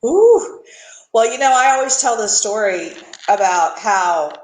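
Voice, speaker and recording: A woman's voice: medium pitch, expressive, unhurried, echoey room, rough recording. A woman hosting a casual faith chat, talking in a chatty, self-mocking way with lots of restarts. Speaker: host.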